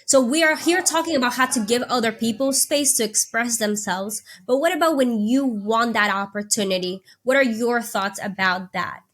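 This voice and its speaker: A woman's voice: on the high side, moderate pace, few pauses, fairly bright tone. A woman hosting a podcast, talking conversationally and setting up questions for her guest, checking in with "right?". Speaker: podcast host. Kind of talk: casual interview talk.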